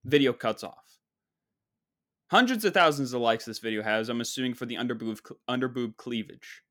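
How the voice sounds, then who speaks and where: Man, podcast host, comedic monologue, rambling, sarcastic, average pitch. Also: brisk, a bit bright. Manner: rambling, sarcastic, mock-boastful.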